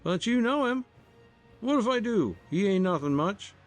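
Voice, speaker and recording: A man's voice: high-pitched, big pitch swings, normal speed, faint music behind, pitched above the performer's own voice. A man voicing a surly young male messenger who sneers and snarls his words, in a storybook reading.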